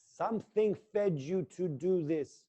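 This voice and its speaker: Middle-aged male acting coach, fairly high voice, intense and coaxing, swears freely; muffled lo-fi audio. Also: a little slow, dark tone, slightly rough. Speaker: acting teacher. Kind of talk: guided acting exercise in a live class.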